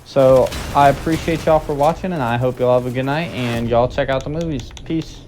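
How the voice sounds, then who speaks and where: A man's voice: mid-range voice, moderate pace, a little mellow, a little hiss or hum. A young man casually recapping a movie plot for his video channel, rambling with lots of fillers. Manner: rambling, filler-heavy, offhand. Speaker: video creator.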